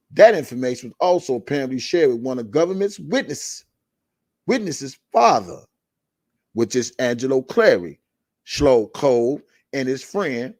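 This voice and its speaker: A male host on a live online show reads a legal document aloud and breaks in with casual, emphatic commentary and a repeated refrain. His voice is dark and mellow, and the sound is dry and close to the mic. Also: mid-range voice, dry recording. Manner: emphatic, repeats a catchphrase refrain, drawn-out stresses. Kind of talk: reading a court filing aloud with commentary.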